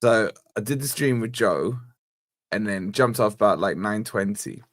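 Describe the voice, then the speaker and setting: A man's voice: on the low side, moderate pace. A young man hosting a casual football fan chat, telling rambling stories and swearing freely. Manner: animated, rambling storyteller who swears. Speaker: host of a football fan channel.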